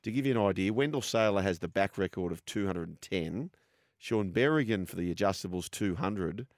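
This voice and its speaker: Australian man hosting sports radio, low voice. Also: lively intonation, brisk, no room sound, clean studio sound. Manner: chatty, reads ad copy between banter. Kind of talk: casual sports radio chat.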